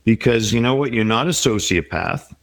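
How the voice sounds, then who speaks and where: A middle-aged man with a fairly low voice talks through life advice in a reflective, encouraging way. The recording is dry and close, with no room sound. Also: animated, normal speed, creaky, no room sound. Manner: reflective, advice-giving, with quoted inner voices. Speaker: guest. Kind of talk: conversational interview.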